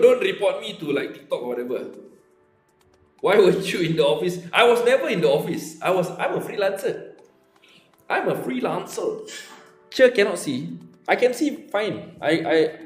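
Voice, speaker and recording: A man's voice: a little high, darkish tone, roomy sound. A man with a Singaporean accent teaching a live online maths lesson, chatting playfully and teasing students as they compete in a quiz. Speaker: maths tutor.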